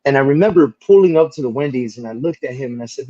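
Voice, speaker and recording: Lively man telling stories, dull audio. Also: medium pitch, fast. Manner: lively, swears casually, many "like" fillers. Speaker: interview guest. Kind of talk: casual storytelling in an interview.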